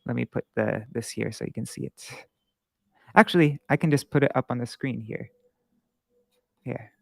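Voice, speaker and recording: Man, gravelly yet smooth voice, dry close sound; casual patient teacher who restarts often and chants rhythms slowly. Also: mid-range voice, a bit bright, no room sound. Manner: patient, halting, thinks aloud with many restarts; chants syllable patterns slowly to demonstrate. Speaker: Sanskrit meter teacher. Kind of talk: live-streamed casual lesson.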